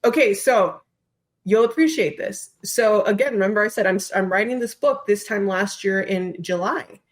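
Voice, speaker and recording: A woman, a trained actor, who is a podcast guest, telling a story in casual, expressive chat and swearing now and then. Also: medium pitch, normal speed.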